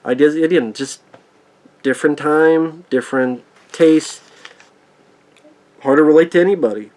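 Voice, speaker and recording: A man's voice: on the high side, measured pace, a little mellow. A man ranting angrily and sarcastically in a profane movie review.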